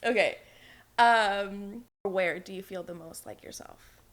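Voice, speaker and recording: A woman's voice: mid-range voice, takes it slowly, a bit bright, a little hiss or hum. A woman hosting a podcast interview, giving short encouraging replies and joking at her own expense. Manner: short backchannel replies, self-mocking humor. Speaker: podcast host. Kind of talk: casual interview chat.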